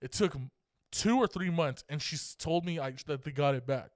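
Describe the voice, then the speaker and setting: This young man from California, co-hosting a podcast, swears and meanders through a story in easygoing conversation, chuckling as he speaks. His voice is a little high and moderately paced, captured in clean studio sound without echo.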